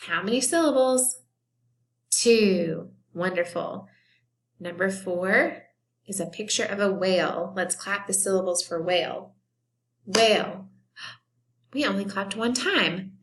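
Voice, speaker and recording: A woman teacher giving a recorded phonics lesson for young children, patiently sounding out and clapping word syllables and praising often. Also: medium pitch. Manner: slow, patient, encouraging, claps and stretches out words.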